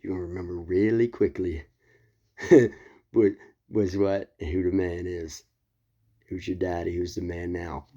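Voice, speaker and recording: A man voicing a mocking male prophet who taunts his rivals, moving between low whispers and laughing shouts, on a dull lo-fi recording. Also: flat delivery, measured pace, pauses often. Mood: low gloating.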